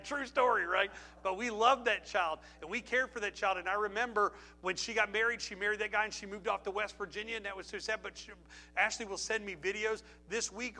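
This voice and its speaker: A man's voice: sits high, pushed and bright. A middle-aged man preaching a sermon, telling stories with emphasis and repeating phrases before an altar call. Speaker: pastor.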